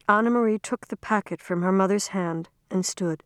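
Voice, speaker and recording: A woman reading a storybook aloud in a calm, measured way. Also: mid-range voice, clean tone, no room sound, studio quality. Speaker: reader. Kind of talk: storybook narration.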